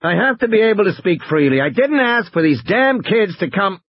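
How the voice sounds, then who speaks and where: A man's voice: mid-range voice, big pitch swings, moderate pace, breathy edge, muffled recording, pitched above the performer's own voice. A man voicing an angry, blustering male lawyer who snaps his lines. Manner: irritated, curt.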